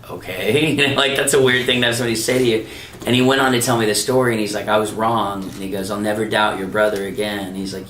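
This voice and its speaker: A male voice actor telling lively anecdotes in an interview, acting out the voices of people he quotes. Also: on the low side, reverberant, recorded from a distance, a little hiss or hum. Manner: animated anecdote teller, acts out quoted dialogue. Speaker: voice actor guest. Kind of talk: storytelling interview. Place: anime convention.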